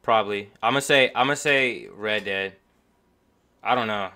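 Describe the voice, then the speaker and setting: A man's voice: on the low side, a little slow, pushed and bright. A man giving casual, joking reaction commentary with offhand asides. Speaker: reaction video host.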